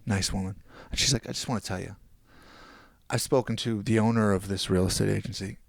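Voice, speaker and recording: In a dry, clean studio recording, a young man from New Jersey speaks fairly quickly in a lowish, creaky voice. As a podcast guest he tells a long, casual story, animatedly imitating the people he quotes.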